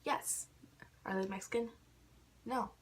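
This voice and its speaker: A young woman with a voice on the high side speaks a little slowly, with fairly even intonation and a bit of hiss or hum in the recording. She's an irritated vlogger ranting to camera, peppering her words with "like."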